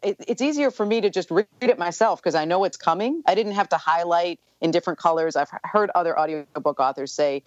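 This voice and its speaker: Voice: mid-range voice, brisk, hardly any pauses, no room sound. Chatty guest author on dull, dry audio. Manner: chatty, full of "you know" fillers. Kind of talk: casual interview chat.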